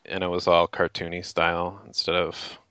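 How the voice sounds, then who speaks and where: Very deep-voiced man in casual chat. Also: monotone, moderate pace, sharp tone, smooth, no room sound, dull audio. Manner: rambling, restarts while recalling. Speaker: podcast co-host.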